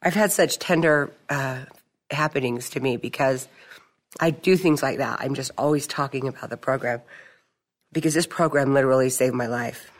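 A middle-aged woman sharing her testimony at a recovery meeting, telling stories in a chatty, animated way. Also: extremely low pitch, moderate pace. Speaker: support group member.

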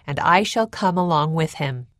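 A woman's voice: sits low, normal speed, a bit bright, no echo, clean studio sound. A woman reading as a resolute jailed leader. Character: calm, resolute imprisoned male church leader.

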